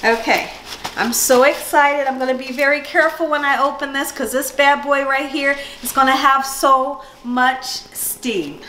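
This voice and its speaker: Bubbly high-voiced woman cooking host. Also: steady tone, a little slow, background noise. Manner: bubbly and folksy, addresses viewers as guys and honey. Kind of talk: home cooking demonstration. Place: home kitchen.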